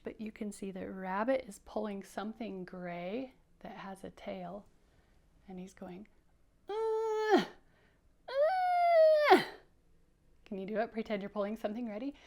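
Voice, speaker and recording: Slow, encouraging woman teacher. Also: medium pitch, vocal fry, a little mellow, slight background noise. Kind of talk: children's read-aloud lesson.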